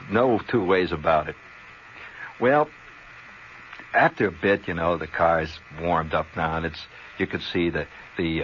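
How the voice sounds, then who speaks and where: A man's voice: low voice, fairly bright tone, a little hiss or hum. A man hosting a radio show, telling a long rambling story with chuckles and asides like "see?" and "you know". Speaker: radio host. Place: radio studio. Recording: dull lo-fi 1970 radio broadcast.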